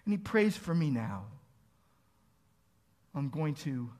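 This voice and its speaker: A man's voice: on the high side, very animated, takes it slowly, darkish tone. A man preaching a sermon as pastor, earnest, asking pleading rhetorical questions and building to emphatic peaks.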